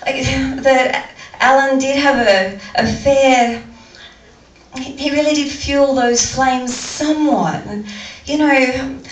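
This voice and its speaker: A woman's voice: high-pitched, slow, roomy sound, distant mic, slight background noise, poor audio. Stammering Australian woman doing stand-up. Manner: rambling, stammering delivery with frequent restarts. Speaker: stand-up comedian. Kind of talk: stand-up comedy set. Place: comedy venue with audience.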